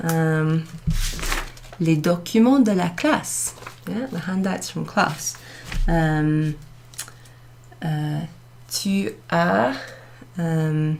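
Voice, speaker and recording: A woman teaching a beginners' French class in a slow, patient way, saying each phrase twice and filling her pauses with ums. Her voice sits a little low, and she keeps an unhurried teaching pace all the way through. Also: vocal fry, darkish tone, a little hiss or hum. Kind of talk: recorded class summary lesson. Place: classroom in a pub venue.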